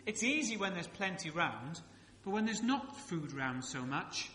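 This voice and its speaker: Male pastor, sermon delivery, bright voice sitting a bit high, relaxed asides and rhetorical questions, church hall reverb. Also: measured pace, a little hiss or hum. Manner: conversational preaching with rhetorical questions and humorous asides. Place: church sanctuary.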